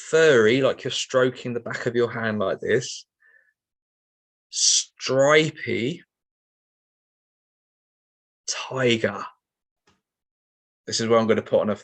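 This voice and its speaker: A middle-aged man teaching sign language in an online session, explaining each step patiently with many ums and okays. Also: fairly low pitch.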